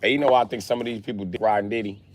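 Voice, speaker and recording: A man from the Milwaukee area doing a comedic livestream rant, profane and animated as he tells stories. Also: on the low side, rapid-fire. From Milwaukee area, United States.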